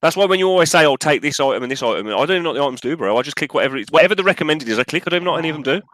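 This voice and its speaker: A young man co-hosting a gaming podcast in casual chat, rambling and animated, his voice jumping up when he gets excited. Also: fairly high pitch, very fast, no room sound. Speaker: podcast co-host.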